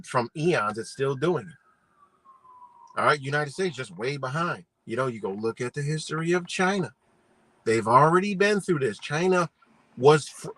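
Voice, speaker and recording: A man's voice: on the high side, sharp tone, no echo, low-quality recording. A man hosting a live stream, talking in a rambling, profane, slangy way and firing rhetorical questions at his viewers. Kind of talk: casual live-stream rant.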